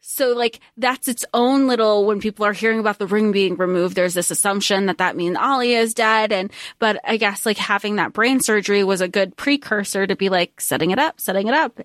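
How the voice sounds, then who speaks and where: A woman's voice: medium pitch, fairly quick, few pauses, fairly bright tone, no room sound. Reflective woman podcaster, dry sound. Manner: reflective, working through her notes aloud. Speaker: podcast co-host. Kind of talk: casual book discussion.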